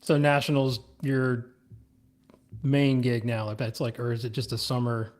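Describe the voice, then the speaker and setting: A man's voice: medium pitch, little pitch movement, a little slow, a little mellow. A man hosting a casual interview, asking loose, rambling questions. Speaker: podcast host.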